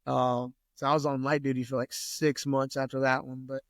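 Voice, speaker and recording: A man's voice: mid-range voice, flat delivery, normal speed, no room sound, clean studio sound. A man, a podcast guest telling a story in loose casual talk full of swearing and fillers. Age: 30s. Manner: loose, profane, lots of "like".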